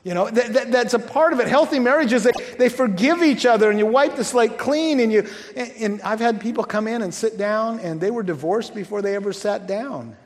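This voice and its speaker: Male pastor, high-set voice, chatty sermon full of restarts and asides, reverberant church sound. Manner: conversational, halting restarts, joking asides.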